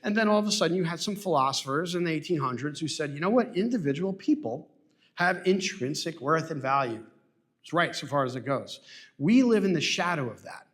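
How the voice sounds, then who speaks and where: A man's voice: a little high, animated, brisk, a bit bright. A man preaching a sermon in a church, earnest and repetitive, asking rhetorical questions. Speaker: pastor. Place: church sanctuary.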